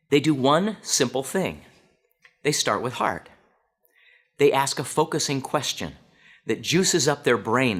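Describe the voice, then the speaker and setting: A middle-aged man giving a talk to an audience, telling a personal story and acting out the dialogue in it. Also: mid-range voice. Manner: animated, acts out quoted dialogue. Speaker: speaker.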